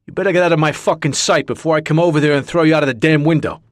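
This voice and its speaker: A man voicing a blunt, loyal young friend who talks harshly and swears loudly. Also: medium pitch, expressive, normal speed, no echo, studio quality, voice pushed up. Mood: furious.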